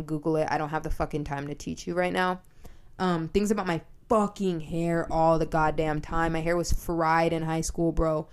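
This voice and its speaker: A woman in her twenties hosting a podcast, talking in a blunt, profane and animated casual monologue. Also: low voice, clean tone. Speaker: podcast host.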